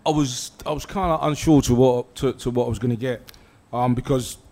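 Former footballer, halting storyteller. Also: male voice, mid-range voice, steady tone, darkish tone. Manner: halting with many restarts, laughs easily. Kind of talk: telling a story on stage. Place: live event with an audience.

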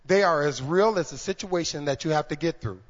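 A man preaching a sermon in church, calling out to the congregation and swinging from hushed talk to shouting. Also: fairly high pitch, a little fast. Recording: reverberant hall, dull lo-fi sound.

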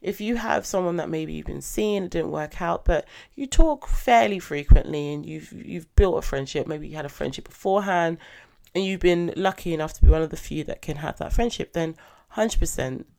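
A young woman hosting a podcast, chatting in a lively, animated way with sudden excited bursts. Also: on the low side, moderate pace, creaky. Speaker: podcast host. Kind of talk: casual podcast chat.

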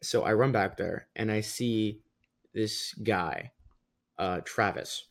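A young man casually telling a long school story, animated and quick to laugh, mimicking the people in it with a raised voice. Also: on the low side. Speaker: podcast guest. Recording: rough audio.

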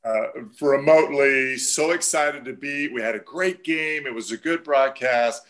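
A man who works as a basketball broadcaster, telling an animated anecdote from a road trip. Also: medium pitch, measured pace. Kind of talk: casual storytelling.

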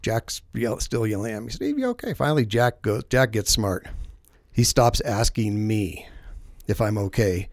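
A man with a fairly low voice hosts a relaxed podcast chat about faith. He tells long, self-deprecating stories, full of fillers and restarts. His voice is close and dry, with no room sound. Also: a little slow, no room sound. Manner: rambling, self-deprecating storyteller. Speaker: podcast host. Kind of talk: casual faith-based podcast conversation.

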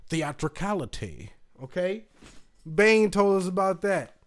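A man in his thirties hosting a podcast, spinning a loose, profane story full of fillers and asides. His voice sits a little higher than most men's, and he slips into other people's voices as he goes. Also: sing-song, measured pace, a little hiss or hum. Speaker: podcast host. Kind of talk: casual storytelling.

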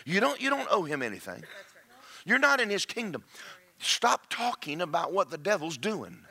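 A man's voice: high-pitched, big pitch swings, moderate pace, sharp tone. A middle-aged man preaching a sermon, joking and acting out quoted voices.

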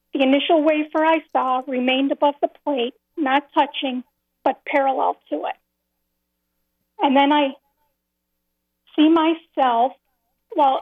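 Over a tinny phone line, a woman with a high voice calls in to a radio show and earnestly shares a personal story, with no room sound. She repeats phrases as she goes and slows down carefully at the key moments.

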